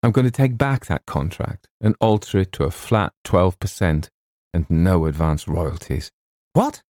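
A man voicing a gruff middle-aged Scottish literary agent with a quavering voice, blunt and then tearfully wistful. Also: deep voice, normal speed, a little mellow, dry recording, clean studio sound, natural voice. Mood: tearful, tender.

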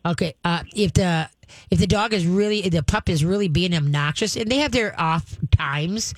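A woman's voice: fairly low pitch, moderate pace, no room sound. A woman hosting a call-in radio show about dogs, giving training advice and acting out growls and dog voices as she talks.

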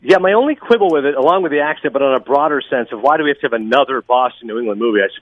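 Homem falante e rápido. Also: male voice, medium pitch, animated, dry recording, phone-quality sound. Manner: fast, enthusiastic, talkative. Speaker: podcast guest, film critic. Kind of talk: casual podcast chat.

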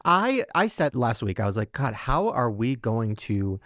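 A man hosting a casual podcast, giggly and animated as he talks. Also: mid-range voice, a little slow, no echo, clean studio sound. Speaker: podcast host. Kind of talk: casual chat.

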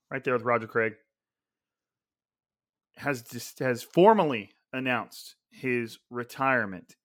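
A man's voice: medium pitch, a bit bright, no room sound, clean studio sound. A man hosting a casual solo sports podcast, rambling and thinking aloud with frequent restarts and asides. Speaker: podcast host. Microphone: gaming headset.

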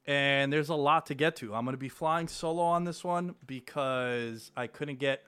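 Energetic man hosting a sports podcast. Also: mid-range voice, normal speed, clean tone, no echo. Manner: loose, energetic, swears casually. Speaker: podcast host. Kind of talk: solo sports betting podcast chat. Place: home studio, New York.

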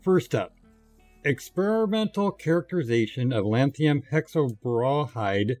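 A man's voice: mid-range voice, expressive, unhurried, darkish tone, faint music behind. A man hosting a podcast, reading the script in casual chat and laughing at his own slips. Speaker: podcast host.

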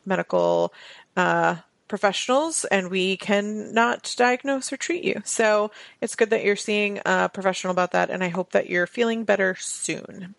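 A woman's voice: medium pitch, normal speed, gravelly, no room sound. A woman from Massachusetts, co-hosting a casual podcast chat and giggling nervously at awkward topics. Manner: giggly, squeamish about the topic. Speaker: podcast co-host. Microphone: home microphone, remote call.

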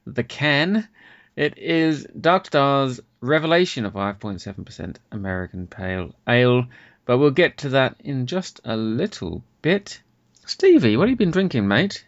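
A man's voice: mid-range voice, expressive, moderate pace. Cheeky man hosting a podcast. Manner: cheeky, sweary banter. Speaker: podcast host. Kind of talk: casual beer podcast chat. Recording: dull lo-fi podcast audio.

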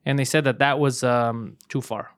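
A man's voice: medium pitch, steady tone, moderate pace, clear, resonant tone, dry recording, studio quality. A man co-hosting a podcast, reading news aloud in loose, joking banter and swearing freely. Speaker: podcast co-host.

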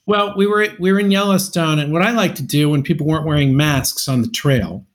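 A middle-aged man co-hosting a comedy podcast, rambling through anecdotes and breaking into shrill acted quotes. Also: fairly quick. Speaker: podcast co-host. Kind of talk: casual comedic storytelling.

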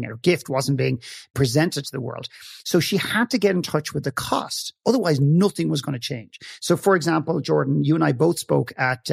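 A man's voice: on the high side, vocal fry, breathy edge, no room sound, studio quality. A man speaking as a podcast guest, telling a story with emphasis, acting out the dialogue and swearing now and then. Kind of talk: passionate storytelling in conversation.

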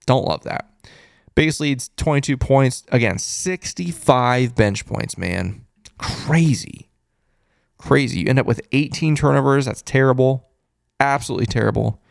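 Lively gravelly man recapping a game. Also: mid-range voice, no room sound, studio quality. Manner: chatty, repeats exclamations, thinks aloud while reading stats. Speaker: host of a fan postgame show. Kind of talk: casual live-stream sports recap.

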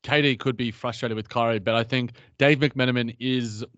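A man's voice: medium pitch, fairly even intonation, normal speed, a bit bright, no room sound. Chatty Australian man, dull dry sound. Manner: chatty, many restarts and asides. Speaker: podcast co-host. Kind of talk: casual sports podcast chat.

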